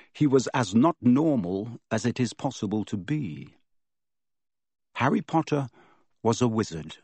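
Man, audiobook narration, expressive storytelling, mid pitch, dry close studio sound. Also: no echo. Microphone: close studio mic.

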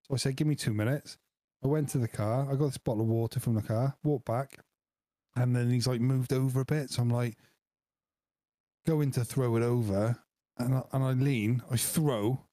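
A man's voice: medium pitch, steady tone, moderate pace, mellow, dry recording. A man, co-hosting a podcast and telling stories with a laugh. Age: 40s. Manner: laughing, storytelling. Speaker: podcast co-host. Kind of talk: casual chat.

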